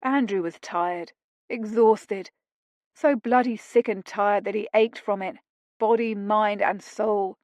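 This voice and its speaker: A woman reading a romance audiobook in steady, measured scripted narration on a close mic. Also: mid-range voice, no room sound.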